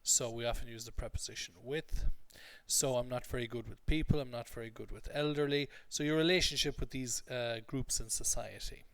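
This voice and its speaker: A man's voice: mid-range voice, a little fast, hardly any pauses, fairly bright tone, no echo. A man teaching English, explaining usage step by step and often checking in with "okay?". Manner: explanatory, repeats points, frequent "okay?" checks. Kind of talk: recorded lesson recap.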